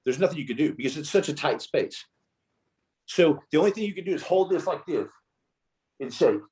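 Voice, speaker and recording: A man's voice: a little high, a little fast. A man, a former Navy SEAL guest, telling war stories in a casual interview and acting out the dialogue. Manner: animated storyteller, acts out quoted dialogue.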